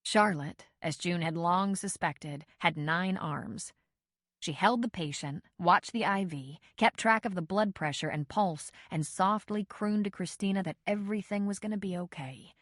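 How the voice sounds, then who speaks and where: Woman reading a romance audiobook, steady pace, lowish voice, super dry close mic. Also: measured pace, no echo. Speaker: audiobook narrator. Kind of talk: scripted narration.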